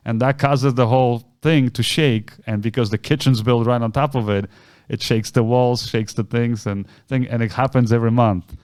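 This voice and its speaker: Man telling a lively story on a podcast. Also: moderate pace, clear, resonant tone. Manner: animated, acts out quoted voices with big pitch jumps. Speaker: podcast co-host. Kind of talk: casual storytelling chat.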